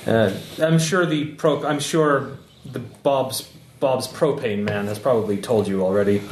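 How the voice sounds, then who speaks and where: A man's voice: medium pitch, unhurried, natural voice. A man putting on a polite bearded cult leader, slight Russian accent. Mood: smooth. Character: bearded middle-aged male cult leader, smooth and courteous. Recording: echoey room with faint noise.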